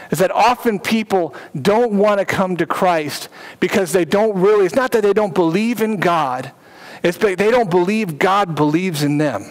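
A man's voice: sits high, low-quality recording. A man preaching a sermon as pastor, building to emphatic repeated phrases and easing into conversational asides.

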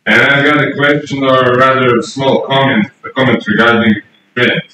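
Distant, bright-voiced man questioning from the floor. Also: mid-range voice, flat delivery. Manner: measured, argues point by point. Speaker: audience member asking a question. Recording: distant from mic in a very echoey room with faint hiss.

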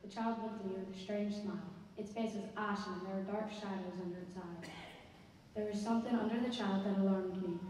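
A woman's voice: medium pitch, a little hiss or hum. Woman reading a ghost story in an echoey hall. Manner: slow, expressive storytelling. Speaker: story reader. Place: school concert hall. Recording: echoey hall from far off, faint ambience.

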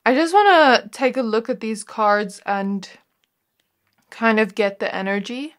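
A woman giving an intuitive tarot reading to her viewers, talking in a gentle, reflective way and often pausing on "like" as she muses. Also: a little high. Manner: gentle, reflective, musing with frequent "like". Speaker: tarot reader.

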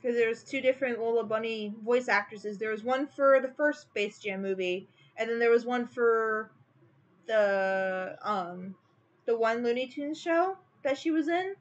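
Woman streamer, fairly high voice, rambling and opinionated chat with lots of "like", muffled lo-fi mic. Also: measured pace. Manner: rambling and opinionated, heavy use of "like". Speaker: artist streaming her drawing. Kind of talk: casual livestream chat.

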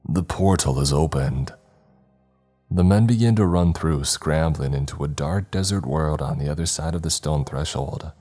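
Very deep-voiced male horror narrator. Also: dark tone. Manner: slow, measured, dramatic reading. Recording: faint background music.

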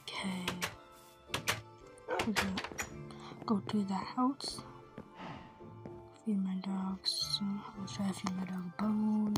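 A woman giving whispered gameplay commentary, rambling softly to herself as she plays. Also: mid-range voice, flat delivery, takes it slowly, pauses often, over loud music. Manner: soft, half-whispered, rambling self-talk.

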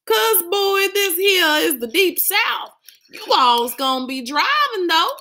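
Woman doing a dad's high mock Southern drawl. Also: lively intonation, slow, pushed and bright, full character voice. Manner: teasing drawl, exaggerated. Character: father playing a mock Southern bigot.

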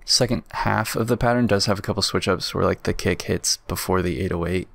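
A man's voice: deep voice, fairly quick, creaky. A young man casually walking through how he built a beat, laid-back and rambling, with lots of filler words. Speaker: beat producer. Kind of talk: casual tutorial walkthrough. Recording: music faintly underneath.

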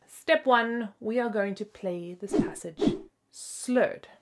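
Bright-voiced woman teaching flute with hiccups. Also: fairly high pitch, slow pace. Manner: bubbly, laughs at herself. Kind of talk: upbeat video flute lesson. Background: flute playing between phrases.

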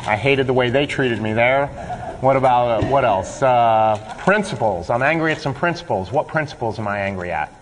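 A man's voice: mid-range voice, normal speed. A man leading a workshop, talking a group through written steps in a plain-spoken way. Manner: plain-spoken, role-plays his own grudges. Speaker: workshop leader. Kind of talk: instructional talk to a group. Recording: long hall reverb.

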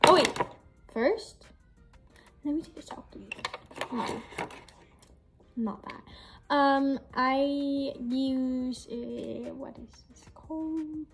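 A young vlogger chats casually to the camera while doing her makeup and hair in a get-ready-with-me video, rambling and saying "like" constantly. Her voice sits high, very slow, with vocal fry and frequent pauses, and music plays in the background.

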